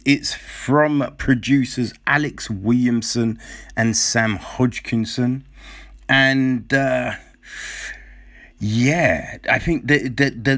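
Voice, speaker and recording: A man's voice: medium pitch, fairly bright tone. A man chatting casually as he reviews a nature series, rambling with lots of fillers and restarts, swearing now and then and tossing in jokey asides. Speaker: TV show reviewer.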